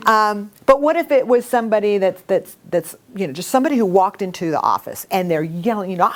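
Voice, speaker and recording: A middle-aged woman teaching a communication workshop to a live group, talking in a lively, animated way. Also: mid-range voice, a little fast, few pauses. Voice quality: animated storytelling with acted quotes. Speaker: workshop instructor.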